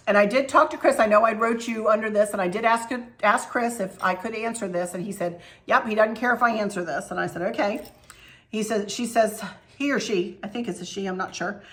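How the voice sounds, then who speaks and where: A middle-aged woman talks straight to her viewers in a loose, rambling vlog chat. She keeps her tone effusive and friendly and jumps from one thought to the next as she goes. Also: mid-range voice. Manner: chatty, rambling, warm and effusive. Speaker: channel host. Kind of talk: casual chat to camera.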